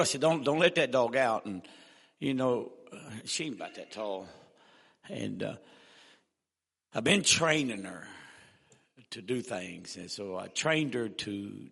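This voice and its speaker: A male evangelist telling a humorous story in a sermon, folksy and animated. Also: on the low side, gravelly, slightly rough. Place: church. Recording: echoey church hall.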